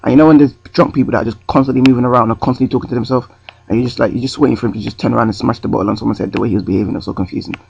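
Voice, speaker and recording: Rambling gravelly man. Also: medium pitch, fairly even intonation, very fast, a little mellow, muffled recording. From North London. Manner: rambling, self-correcting. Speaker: vlogger. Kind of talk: storytime vlog. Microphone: webcam close to the face.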